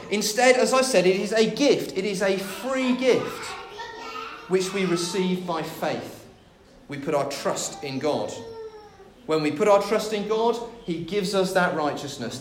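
A man's voice: high voice, reverberant. A man preaching a sermon, telling a story with light humor.

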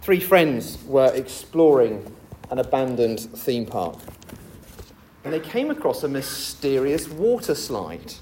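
A man preaching a sermon, explaining scripture with a lively, jokey storytelling delivery. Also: medium pitch, takes it slowly, slight background noise.

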